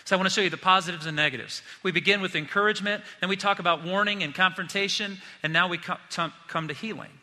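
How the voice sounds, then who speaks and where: A man preaching a sermon as pastor, telling stories in a lively, joking way. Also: high-pitched, fast, hardly any pauses, long reverb tail.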